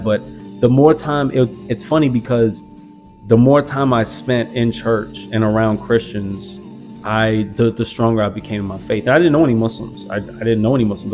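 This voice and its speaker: Over heavy background music, a young man from the American South recounts his conversion in an earnest, reflective personal story peppered with "like." His voice sits lowish and a bit dark, delivered at an even, normal pace.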